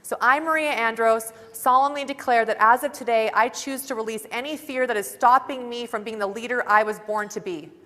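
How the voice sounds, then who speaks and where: Brisk, with hardly any pauses, a young woman delivers an upbeat motivational talk in a bright, forceful, slightly high voice. This chatty conference speaker says "like" often, recorded on a stage mic in a large conference hall with long reverb.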